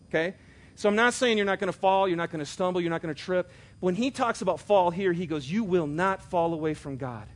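A man in his thirties preaching a sermon as pastor, telling stories with big swings between loud and quiet. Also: high-pitched.

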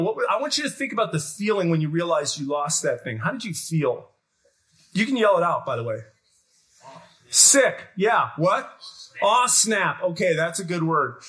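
A middle-aged pastor preaching a sermon, telling a story with energy and putting questions to the congregation. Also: male voice, fairly high pitch. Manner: animated storytelling, shouts when acting out scenes, asks the crowd questions. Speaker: guest pastor.

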